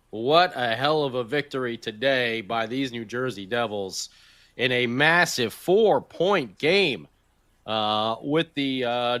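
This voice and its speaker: Hyped bright-voiced male podcast host. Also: medium pitch, dry recording. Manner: energetic, hype, jokey. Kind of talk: excited sports podcast recap.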